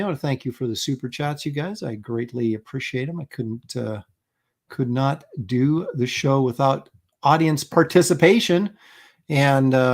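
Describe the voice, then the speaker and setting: A middle-aged man hosts a laid-back livestream, chuckling and rambling while he reacts to clips and reads viewer comments aloud. His ordinary-pitched voice has a gravelly edge full of vocal fry.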